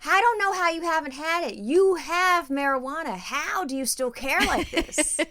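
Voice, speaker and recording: A woman co-hosting a podcast in casual chat, animated and blunt, laughing and swearing freely. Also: sits high, moderate pace. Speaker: podcast co-host.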